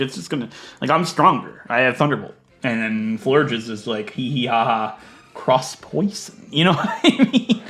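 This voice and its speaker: A man's voice: on the high side, fairly bright tone. Chatty gaming man, mock outrage. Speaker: let's play gaming creator. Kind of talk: casual gameplay commentary.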